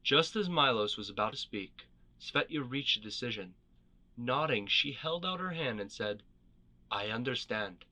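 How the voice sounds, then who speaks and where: A man reads fantasy lore aloud as a storybook narrator, measured and expressive in his delivery. His voice sits at an ordinary pitch with a bright, crisp edge.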